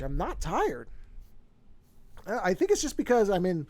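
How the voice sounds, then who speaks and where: A man's voice: sits high, huge pitch swings, a little slow, long pauses, a little mellow. A man chatting casually on a livestream from his home office desk, rambling and interrupting himself with restarts and repeated words. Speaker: streaming artist. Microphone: desk microphone.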